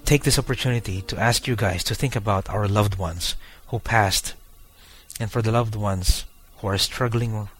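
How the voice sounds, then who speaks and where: A man's voice: on the low side, moderate pace, fairly bright tone. A man hosting a podcast, talking casually to his listeners with many fillers and restarts. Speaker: podcast host.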